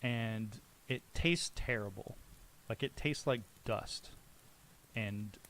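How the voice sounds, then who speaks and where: A man narrating a tabletop game as game master, describing scenes in a halting way with restarts. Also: lowish voice, fairly bright tone, a little hiss or hum.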